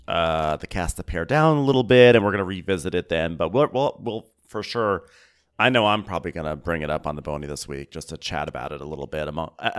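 A man co-hosting a podcast, chatting casually and laughing often while recapping a reality show. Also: sits low. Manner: laughing, chatty, playful asides. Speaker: podcast co-host. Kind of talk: casual comedic recap chat.

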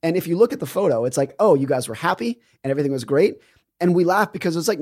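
Male author guest, quick and eager, slightly husky voice, conversational interview. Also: a little high, animated, darkish tone. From American.

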